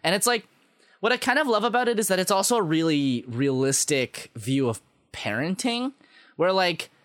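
A man's voice: sits high, lively intonation, moderate pace, fairly bright tone, no echo, studio quality. Rambling, enthusiastic man in casual chat. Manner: rambling, filler-heavy, enthusiastic. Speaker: podcast co-host discussing an anime.

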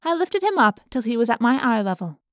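A woman narrating a children's audiobook in a playful, expressive storytelling manner. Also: fairly high pitch, brisk, no echo, clean studio sound.

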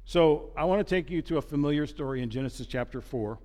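A man's voice: a little high, fast, darkish tone, big-room sound. A man preaching a sermon as pastor, conversational and joking, with asides and restarts.

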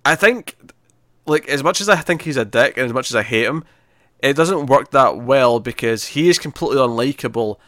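A man's voice: mid-range voice, animated, brisk, a bit bright, no echo. Dry-sounding man chatting casually. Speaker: podcast co-host. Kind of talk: casual film review chat.

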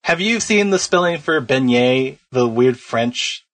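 A man in casual chat, relaxed and a little hesitant, laughing between words. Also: mid-range voice, a little slow.

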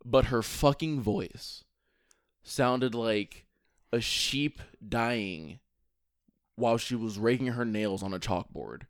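A man's voice: medium pitch, slow pace, no echo, studio quality. A young man co-hosting a podcast, ranting in casual chat, restarting his sentences a lot and swearing often. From Virginia. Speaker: podcast co-host.

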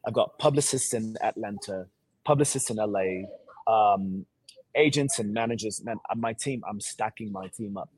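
A man's voice: lowish voice, normal speed, slightly rough, no room sound. A man from Sierra Leone speaking with a put-on English accent, an actor talking energetically and boastfully as a guest co-host. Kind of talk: casual interview chat.

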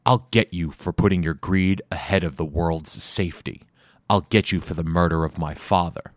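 An icy, vengeful young hero who speaks in clipped, menacing lines, as a male narrator puts him on. The voice is deep and grim. The recording is dry, with no room around it. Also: moderate pace, no room sound, natural voice.

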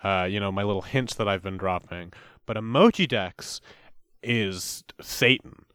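Smooth, rambling podcast co-host man. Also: lowish voice, unhurried, fairly bright tone, no echo, studio quality. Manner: rambling, profane, mock-outraged. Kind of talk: casual comedic chat.

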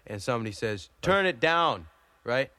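An actor playing a dim, easily flustered Canadian hoser on a comedy album, rambling and bickering with lots of fillers in a Canadian accent. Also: male voice, medium pitch, very animated, normal speed, sharp tone, clear, resonant tone, dry recording. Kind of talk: improvised comedy album sketch.

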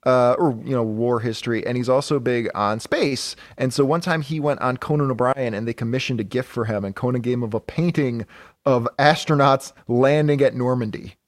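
A man's voice: medium pitch, moderate pace, no echo. A man co-hosting a podcast, casually retelling a comic book plot with profanity, filler words and laughter. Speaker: podcast co-host. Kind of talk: casual chat.

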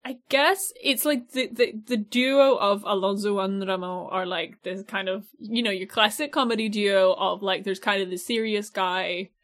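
A young woman chatting casually as a podcast co-host, loose and talkative, with frequent laughter and the odd curse word. Her voice sits at an ordinary middle pitch, and she strings thoughts together with plenty of "like". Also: fairly even intonation, moderate pace, few pauses, a bit bright. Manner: chatty, swears casually, laughs often, heavy use of "like". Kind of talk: casual chat.

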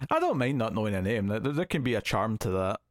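A man's voice: fairly low pitch, big pitch swings, quick pace, dry recording, clean studio sound. A man co-hosting a podcast, chatting casually and hesitantly about a film he reviews. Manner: rambling, hesitant, restarts often. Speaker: podcast co-host.

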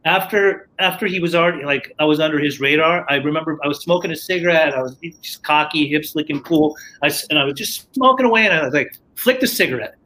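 A man's voice: on the high side, fast, few pauses, pushed and bright, poor audio. A man casually telling a story from his recovery, rambling with lots of fillers and restarts.

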